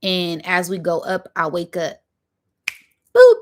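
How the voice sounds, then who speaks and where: Animated woman telling a story casually. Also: fairly low pitch, slow pace. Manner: animated, slangy, with sound effects. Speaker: vlogger.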